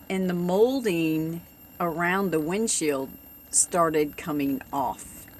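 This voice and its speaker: A chatty woman recounts her week at a slow, unhurried pace, her tone exasperated and animated. Faint ambient noise sits behind her voice. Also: mid-range voice. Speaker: vlogger. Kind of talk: casual storytelling vlog. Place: living in a bus, camping.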